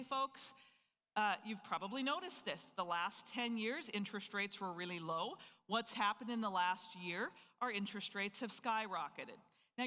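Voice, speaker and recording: A presenter from North Dakota leads a live financial seminar with an energetic, question-driven delivery. The voice has a bright, forward edge. It rings out with a long reverb tail in an event hall. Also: medium pitch. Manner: energetic, full of rhetorical questions to the audience.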